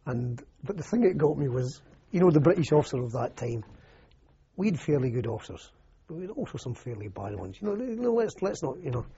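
A man's voice: medium pitch, big pitch swings, a little fast, dark tone. An older Scottish man, an army veteran, recalling his service in a rambling, anecdotal oral history interview full of "you know" and restarts. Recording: muffled lo-fi recording.

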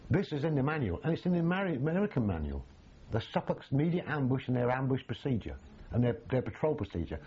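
A man's voice: medium pitch, highs cut off, a little hiss or hum. Older man telling war stories. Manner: animated, acts out quoted voices, frequent restarts. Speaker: army veteran interviewee. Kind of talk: storytelling reminiscence.

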